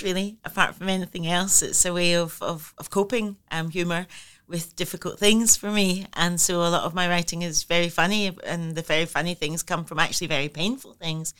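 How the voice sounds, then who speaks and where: Bright, clear woman reflecting. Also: on the low side. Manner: thoughtful, candid, laughs often, many fillers and restarts. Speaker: interview guest, writer. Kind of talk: reflective conversational interview.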